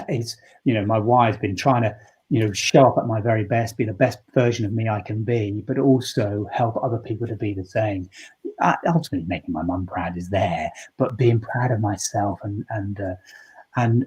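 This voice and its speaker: A man's voice: on the low side, darkish tone, husky. A man, a leadership coach speaking earnestly and reflectively in an interview, often restarting his sentences. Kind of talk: interview answer.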